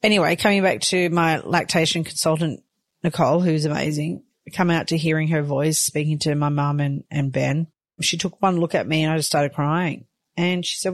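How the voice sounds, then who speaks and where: A woman's voice: low voice, moderate pace, dry recording. A woman, a new mother talking openly and emotionally in a chatty personal vlog. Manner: open, emotional, chatty with many fillers.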